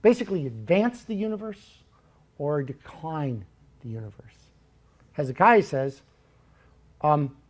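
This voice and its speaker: A man delivers a sermon in a church, his voice sitting a little higher than most men's. He tells Bible stories in a lively, joking way and acts out the characters as he goes. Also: measured pace, long pauses. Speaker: preacher.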